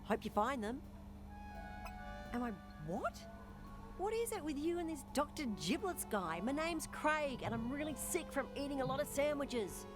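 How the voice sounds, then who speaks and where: Nervous sick alien dude, whiny and sorry, high voice, game music. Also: male voice, sing-song, normal speed. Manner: jittery, whiny, apologetic. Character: nervous sick alien townsman who overate.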